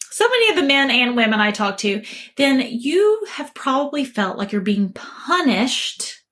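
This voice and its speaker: A woman's voice: fairly high pitch, fairly bright tone. A woman relationship coach giving an upbeat, motivational talk and telling a story along the way.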